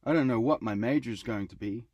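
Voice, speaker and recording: A man voicing an anxious young male college student from Utah who rambles quickly and fretfully. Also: medium pitch, darkish tone, dry recording, lo-fi sound, lightly acted.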